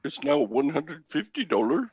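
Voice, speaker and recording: Man puts on a higher-pitched, accented phone support guy, polite and repetitive, muffled lo-fi sound. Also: very animated, moderate pace, darkish tone, breathy edge, no room sound. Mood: matter-of-fact. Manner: put-on foreign accent, mimicking.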